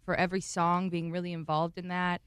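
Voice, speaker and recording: A woman singer chats as a radio guest, giggly and laid-back. Her voice is smooth and resonant and sits a little low. The sound is dry and close. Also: little pitch movement, fairly quick, a bit bright, no room sound. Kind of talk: casual interview chat.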